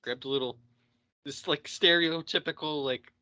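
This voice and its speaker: Young man, podcast host, casual show recap, bright tone, dry sound. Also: on the high side, moderate pace, no room sound. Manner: animated, swearing, acting out characters' lines.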